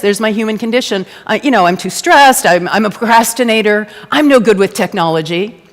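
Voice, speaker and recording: A woman's voice: fairly high pitch, a little fast, long reverb tail. A woman giving a conversational, playful sermon to a congregation and asking them to answer back. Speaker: guest speaker at a church service. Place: church sanctuary before a congregation.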